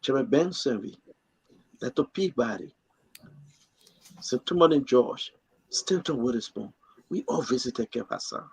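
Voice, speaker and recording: A man's voice: mid-range voice, expressive, unhurried, vocal fry, pauses often, husky, low-quality recording. A man hosting a heated political talk show, cutting in and pressing his questions again and again. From Liberia. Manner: combative, cuts in, repeats questions.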